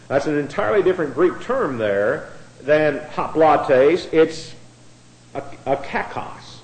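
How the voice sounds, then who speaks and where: A man's voice: a little high, expressive, measured pace. A man preaching a Bible-teaching sermon in a conversational way, often repeating words as he starts a phrase. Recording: echoey room.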